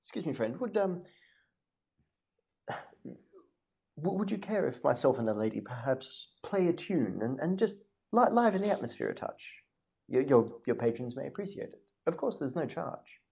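A man's voice: on the high side, big pitch swings, normal speed, creaky, a little mellow, slightly rough, exaggerated voice. A man voicing a weary, courteous travelling merchant who speaks formally and stumbles over his words. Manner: formal, stammering, apologetic.

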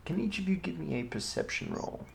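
A man, the game master, narrating a tabletop game in a relaxed, rambling way with lots of fillers. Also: on the high side, brisk, vocal fry, slight background noise.

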